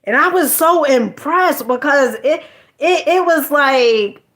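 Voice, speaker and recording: A woman's voice: high-pitched, expressive, takes it slowly, fairly bright tone. A woman telling a personal story in a casual, chatty monologue, often repeating her words and using slang.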